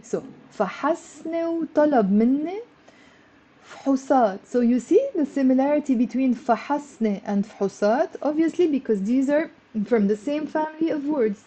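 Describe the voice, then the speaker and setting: A woman whose first language is Lebanese Arabic, running a live online lesson with a slightly raised, warm, mellow voice. She is chatty and encouraging, cheering viewers on by name while sounding a touch flustered. The sound is dull and lo-fi, as from a livestream. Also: high voice, expressive, moderate pace, breathy edge. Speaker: Arabic teacher.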